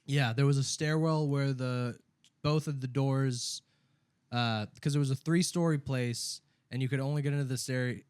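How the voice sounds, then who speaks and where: A man's voice: medium pitch, steady tone, moderate pace, a little mellow, clean tone, no room sound, clean studio sound. A young man co-hosting a podcast, telling a long story in casual chat, swearing freely and filling his talk with "like". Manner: rambling storyteller, swears freely, many "like" fillers. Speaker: podcast co-host.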